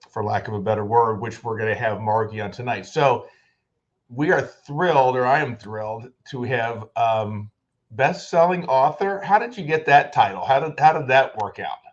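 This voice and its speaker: A man from the United States hosting an interview over a video call, rambling with many restarts. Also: on the low side. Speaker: podcast host. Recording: dull lo-fi sound.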